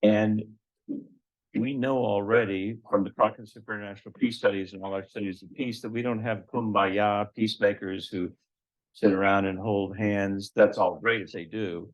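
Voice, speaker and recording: A man hosting a lecture event, giving a measured formal introduction of a guest speaker with light humorous asides. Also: on the low side, fairly even intonation, low-quality recording.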